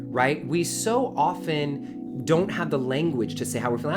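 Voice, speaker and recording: A man's voice: fairly high pitch, expressive, unhurried. A man leads a live teaching session, his voice swinging widely up and down as he acts out the small talk people use. He talks casually, calling his listeners y'all. Strong guitar music plays right behind him. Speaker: workshop leader.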